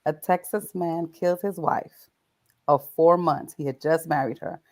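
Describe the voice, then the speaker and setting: Low-voiced woman co-hosting a chatty podcast. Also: measured pace, darkish tone. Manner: laughs often, riffs on the headlines she reads. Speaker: podcast co-host reading news stories. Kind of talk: casual chat.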